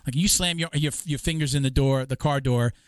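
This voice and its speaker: A man's voice: medium pitch, fairly quick, no room sound. A man in his fifties hosting a podcast, chatting casually and rambling with many restarts while acting out what others said. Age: 50s. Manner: animated storyteller, acts out quotes of others. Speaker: podcast host. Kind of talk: casual chat.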